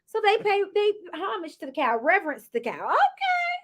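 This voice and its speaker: A woman's voice: very high-pitched, fairly quick. A woman casually recapping a reality TV episode, chatty and sassy, often acting out what people said. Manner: animated, acts out cast members' lines.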